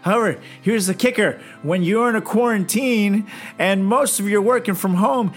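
A man's voice: high-pitched, fairly bright tone. A man co-hosting a podcast in loose, rambling casual chat full of fillers. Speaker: podcast co-host.

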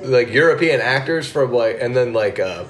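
A man's voice: mid-range voice, lively intonation, moderate pace. A young man in casual chat with friends, swearing often and joking around. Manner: swearing, joking, slips into mock British voices.

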